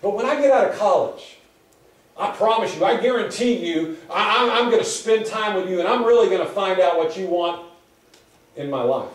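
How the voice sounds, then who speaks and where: A pastor preaching a sermon in a conversational, repetitive storytelling way. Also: male voice, high voice, expressive, normal speed. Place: church sanctuary. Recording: echoey hall from far off.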